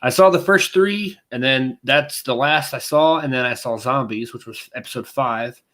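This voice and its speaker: A man co-hosting a laid-back podcast, his voice sitting at an ordinary middle pitch. He rambles and cuts himself off mid-thought, jumping into little acted-out voices as he retells scenes. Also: moderate pace. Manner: animated storytelling, acts out scenes with voices; rambling, self-interrupting. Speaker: podcast co-host. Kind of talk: casual chat.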